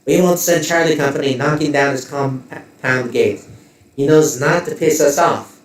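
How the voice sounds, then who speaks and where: A man voicing a poised, smiling female corporate executive who speaks politely while making quiet threats. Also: fairly high pitch, heavy reverb, recorded from a distance, natural voice. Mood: menacing. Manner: polite, measured, coolly threatening.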